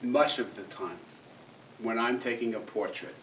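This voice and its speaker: An older man talking about his photography in an interview, measured and thoughtful, with pauses in the middle of sentences. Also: mid-range voice, a bit bright, a little hiss or hum. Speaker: photographer guest. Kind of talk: reflective conversational interview. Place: museum room with audience. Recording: roomy hall, distant mic, faint ambience.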